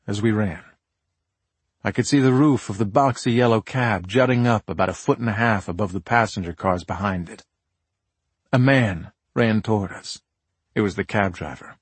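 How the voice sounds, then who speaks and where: Husky male audiobook narrator. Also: fairly low pitch, moderate pace, no room sound. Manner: steady, tense storytelling. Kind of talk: first-person audiobook narration.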